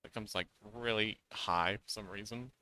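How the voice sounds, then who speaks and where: A man streams himself drawing fanart, chatting playfully as he reads viewer messages aloud and answers them, while faint music plays in the background. His voice is fairly low in pitch with fairly even intonation at normal speed.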